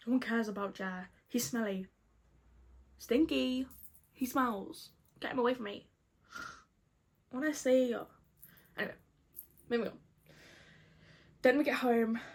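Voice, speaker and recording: A woman's voice: a little high, creaky. A young woman recapping a TV episode to camera in a gushing, dramatic, chatty way. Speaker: vlogger.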